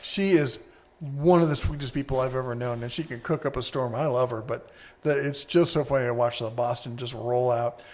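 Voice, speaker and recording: A man's voice: mid-range voice, brisk. A man co-hosting a casual live-stream podcast, rambling easily and reading viewer comments aloud.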